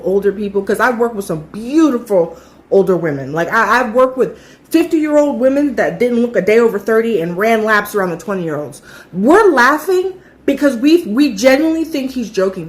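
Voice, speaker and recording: A woman in her thirties telling a casual storytime, chatty and animated, acting out what other people said. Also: fairly high pitch. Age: 30s.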